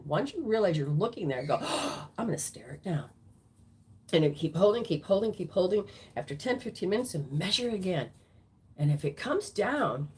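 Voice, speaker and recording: A woman's voice: lowish voice, slight background noise. A woman teaching as a spiritual healer and intuitive reader during a live-streamed session at home. She acts out people's reactions in quoted voices.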